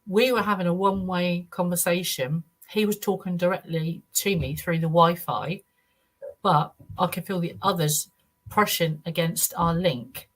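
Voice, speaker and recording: A middle-aged Englishwoman with a fairly low voice speaks as a guest on a podcast interview. She recounts her own experience earnestly, stopping and restarting her sentences as she goes. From United Kingdom. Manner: earnest, halting storytelling with frequent restarts. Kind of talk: first-person account in a podcast interview.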